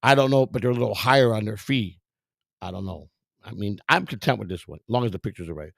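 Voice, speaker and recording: Middle-aged guy with a gravelly voice rambling and cussing casually, dry sound. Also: fairly low pitch, animated, fast talker, no echo. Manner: profane, rambling, streetwise. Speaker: vlog host browsing storage auctions. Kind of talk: casual commentary.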